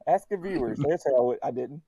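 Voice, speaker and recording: A man's voice: mid-range voice, animated, fast talker, a crowd in the background. Laughing Southern man co-hosting a podcast. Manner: laughing, playful, crude banter. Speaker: podcast co-host. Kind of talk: casual movie review chat.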